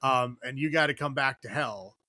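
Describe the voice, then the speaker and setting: A man voicing a casual, offhand male devil making a deal, in a slow quoted aside. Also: medium pitch, bright, forceful tone, no echo.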